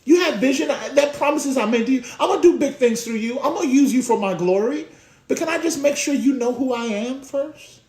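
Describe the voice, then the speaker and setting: A man preaching a sermon as a pastor, swinging between loud bursts and hushed asides. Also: very high voice, a little fast, echoey room.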